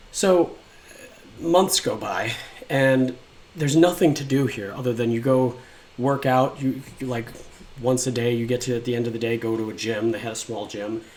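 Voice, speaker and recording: A man's voice: mid-range voice, a little mellow. A young man casually telling his own life story, rambling and frank, swearing often and acting out what people said.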